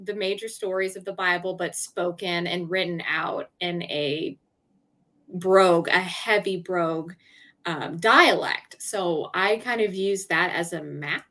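Lively woman author telling stories. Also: fairly low pitch, a little slow. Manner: animated storytelling, laughs often. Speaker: podcast co-host, author. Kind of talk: casual chat.

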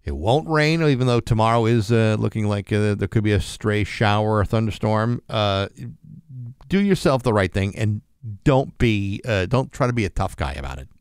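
A man hosting a radio morning show, chatting casually and joking dryly, reading the weather with filler pauses into a studio microphone. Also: fairly low pitch, lively intonation, clear, resonant tone, no room sound. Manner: dry joking, reads the forecast with filler pauses.

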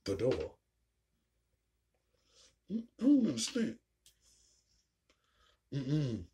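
A woman ranting casually and profanely while reacting to a show, with a raspy, gravelly voice. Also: extremely low pitch, wildly swooping pitch, very slow, mellow. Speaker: video reactor.

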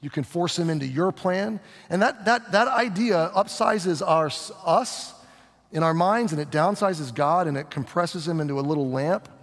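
Animated high-voiced pastor in a reverberant hall. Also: male voice, moderate pace. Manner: animated, voices the crowd and Jesus with shifting pitch. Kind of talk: verse-by-verse Bible teaching.

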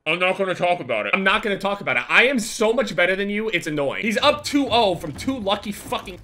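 A man giving gameplay commentary, ranting in frustration with heavy swearing and sudden yelled outbursts. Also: high voice, sing-song, quick pace. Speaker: gaming video creator.

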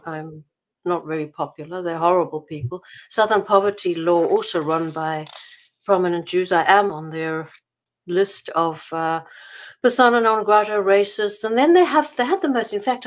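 A woman from South Africa being interviewed as an author, talking in a chatty way with many restarts. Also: lowish voice. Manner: chatty, many restarts and laughs while telling anecdotes. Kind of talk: casual interview over a call.

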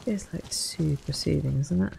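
A young woman plays a survival game for her channel, commenting wryly and chattily to herself. Her low-pitched voice is gravelly and warm, moving at a moderate pace, with a slight hiss or hum in the recording.

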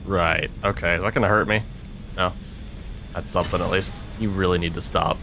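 A man's voice: sits low, steady tone, fairly quick, creaky, bright, forceful tone, slight background noise. A young man commentating a video game he is playing, sarcastic and swearing a lot in frustrated outbursts. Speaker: let's play gamer.

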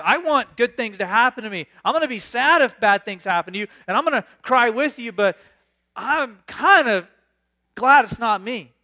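Bright, high-voiced man preaching. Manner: animated, reads scripture then riffs with sudden bursts of excitement. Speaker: pastor. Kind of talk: sermon.

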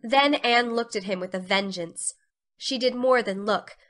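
A woman narrating a classic novel as a dramatic storybook reading, with expressive storytelling. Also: fairly high pitch, a little slow.

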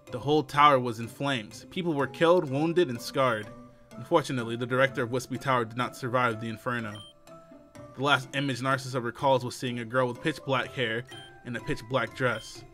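A man reading the lines of a townsperson in a game, telling the town's dark history in a low, hushed, even voice. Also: fairly quick, soft background music, close to an everyday voice. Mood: somber.

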